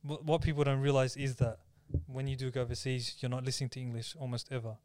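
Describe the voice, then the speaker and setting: A man's voice: mid-range voice, little pitch movement, quick pace, a little mellow, no echo. A young Australian man in casual chat, thinking aloud, reflective, with many fillers.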